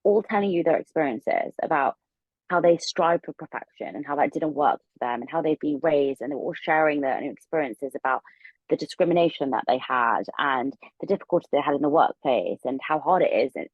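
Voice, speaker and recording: A young woman telling a long story as a podcast guest, rambling and animated with plenty of fillers. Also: sits low, brisk, husky, no echo, narrow, tinny audio. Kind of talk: casual storytelling interview.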